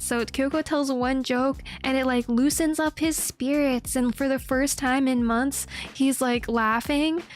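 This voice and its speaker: Giggly high-voiced woman streamer. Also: measured pace, hardly any pauses. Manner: giggly, animated, swears casually. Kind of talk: casual stream chat recapping a manga.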